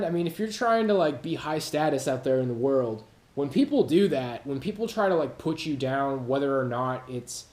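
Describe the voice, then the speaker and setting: A man's voice: medium pitch, darkish tone. A man talks off the cuff on his own channel, slangy and full of swearing, laughing now and then at his own jokes. His voice sits mid-range. The room gives it a noticeable echo. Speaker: YouTube channel host. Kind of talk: casual monologue to camera. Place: home room with cats.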